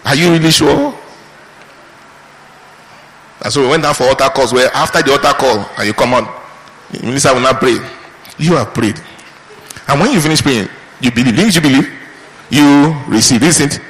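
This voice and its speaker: A man pastor preaching a sermon with lively rhetorical questions. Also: mid-range voice, fairly quick. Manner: animated preaching with mimicked prayers and rhetorical questions. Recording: reverberant hall.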